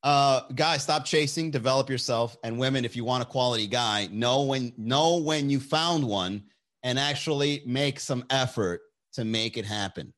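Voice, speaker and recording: A man's voice: mid-range voice, normal speed. A man hosting casual chat with his viewers, giving blunt, profane, opinionated dating advice. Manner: animated, shifts voice for quotes.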